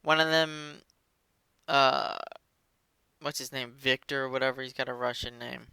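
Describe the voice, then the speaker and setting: A man hosting a casual chat podcast, rambling and joking with plenty of fillers. His voice is bright and clear. The sound is dry and close. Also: mid-range voice, steady tone, measured pace, no echo. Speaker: podcast host.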